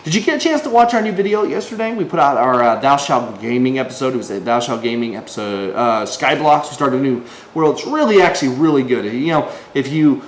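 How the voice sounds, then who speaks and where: Lively, chatty man in an echoey room. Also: medium pitch, brisk. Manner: rambling and conversational, with many restarts and fillers; acts out quoted voices. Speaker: online preacher. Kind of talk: casual devotional video talk. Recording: echoey room with faint ambient noise.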